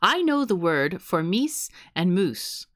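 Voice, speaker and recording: A woman's voice: on the low side, very animated, slow, no echo, clean studio sound. A woman hosting a casual podcast chat, playful and laughing often. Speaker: podcast host.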